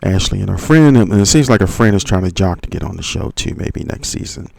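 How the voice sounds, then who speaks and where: A man's voice: low-pitched, expressive, fast talker, gravelly, darkish tone, dry recording. A man hosting a channel, recapping podcast drama with a hesitant, filler-heavy delivery. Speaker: channel host. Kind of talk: commentary recap.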